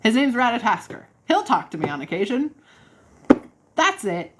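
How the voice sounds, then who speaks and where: A woman's voice: fairly high pitch, sing-song, moderate pace, very noisy. A woman hosting a casual livestream, answering viewer questions in a bubbly, encouraging way and laughing often. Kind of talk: casual live chat.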